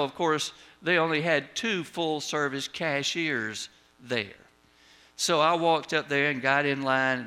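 A man's voice: a little high, bright, forceful tone. An older man, a pastor preaching a sermon in a wry, folksy storytelling manner.

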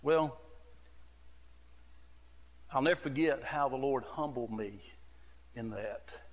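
Slow and medium-pitched, this middle-aged associate pastor's voice trails off into a long reverb. He preaches through earnest, conversational stories, frequently dropping in "you know."

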